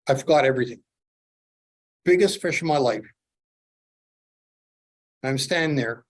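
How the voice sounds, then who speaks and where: A middle-aged man from Canada telling lively fishing stories while demonstrating fly tying to a club audience. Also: a little high, unhurried, pauses often, slightly rough. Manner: animated storyteller, acts out his own excitement. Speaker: fly tier, presenter.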